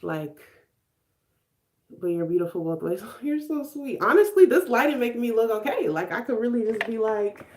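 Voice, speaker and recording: With a slightly high voice at normal speed, a Chicago vlogger in her twenties sounds animated as she streams her makeup routine. She chats with her audience, answers their comments, and laughs frequently.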